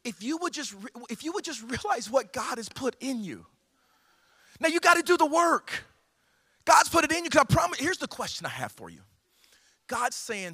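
A male pastor preaching a sermon, animated and joking, swinging between loud calls and hushed appeals. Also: very high-pitched, fairly quick, slightly rough. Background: band music.

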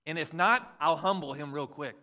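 A man in his forties, a pastor, preaching a conversational and animated sermon with jokes about his kids. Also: a little high, moderate pace. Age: 40s.

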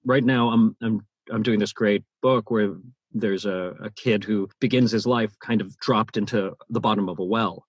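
In an interview conversation, a man who narrates audiobooks speaks animatedly at normal speed, frequently restarting and repeating words. The fairly low, breathy voice has no echo, and the highs are cut off.

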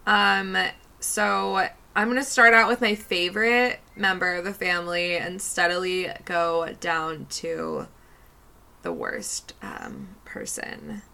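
A woman's voice: fairly low pitch, lively intonation, slow, vocal fry, bright, forceful tone. A young woman co-hosting a podcast in a casual, giggly, laid-back chat, swearing now and then. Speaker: podcast co-host.

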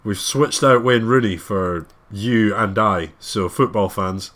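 Male podcast co-host, lowish voice, rambling and jokey. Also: slow, a bit bright. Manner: rambling, jokey, restarts often. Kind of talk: casual podcast chat.

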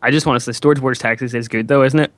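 A man's voice: mid-range voice, fairly even intonation, rapid-fire, no echo. A young man co-hosting a podcast, stammering a bit in casual chat. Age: young adult. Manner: stammering, eager. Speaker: podcast co-host.

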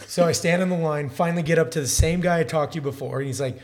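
Speaking fast in a voice on the high side, a man relates a lengthy travel tale in a casual chat. He tells it with animation, performing the lines of the people he met along the way.

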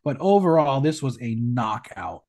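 Animated campy man hosting a podcast. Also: mid-range voice, normal speed. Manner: animated, emphatic, campy delivery. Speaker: podcast host. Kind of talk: casual recap chat, reading judges' comments.

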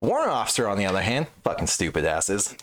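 Deep-voiced, profane storytelling man. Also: fast talker. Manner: profane, animated storyteller who jumps high when quoting others. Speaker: Air Force veteran telling stories. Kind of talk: casual podcast chat.

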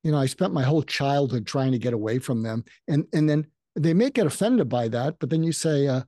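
Older man with a mellow, dry voice. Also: mid-range voice, animated, a little fast, few pauses, dry recording. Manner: explanatory, acts out sample lines in a raised voice. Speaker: psychiatrist guest. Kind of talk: conversational advice in a podcast interview.

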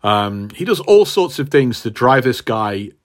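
A man's voice: medium pitch, unhurried. A man co-hosting a podcast who retells a comic book plot in a casual, rambling way, full of fillers and laughs. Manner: animated, rambling, laughs a lot, many fillers. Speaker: podcast co-host.

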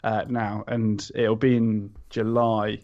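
Gravelly podcast guest, halting delivery full of ums; dull lo-fi recording. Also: male voice, on the low side, level tone. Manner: hesitant, many ums and restarts. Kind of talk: casual chat recommending a comic. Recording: slightly dull lo-fi sound.

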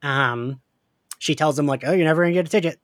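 A man with a touch of a Philadelphia accent chats on a podcast, animated, quick to laugh and to swear. His voice sits a little high for a man. The sound is close and dry, with no room to it. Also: no room sound. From Philadelphia area, US. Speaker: podcast co-host. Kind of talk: casual chat, recapping a show.

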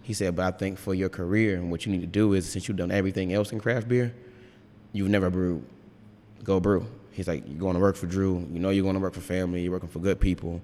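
Low-voiced man in a reverberant brewery. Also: fairly even intonation, fast, mellow, a little hiss or hum. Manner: rambling, frank, swears freely. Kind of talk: casual interview chat.

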